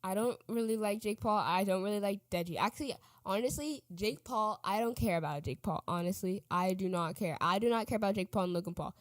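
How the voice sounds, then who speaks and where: Teen girl podcast host, casual rambling chat, mid-pitched voice, dry close recording. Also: a little fast, few pauses, no echo. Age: teens. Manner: rambling, self-correcting, trails off.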